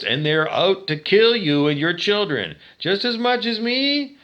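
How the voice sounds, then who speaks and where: High, lively ranting man. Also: a little slow. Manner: ranting, asks and answers his own questions, profane. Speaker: vlogger. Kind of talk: direct-to-camera monologue.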